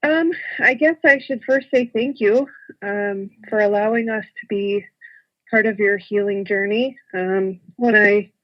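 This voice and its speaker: A woman calling in to a radio show, speaking hesitantly with many pauses as she asks for advice. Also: medium pitch. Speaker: caller. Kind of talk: call-in question. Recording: muffled phone line.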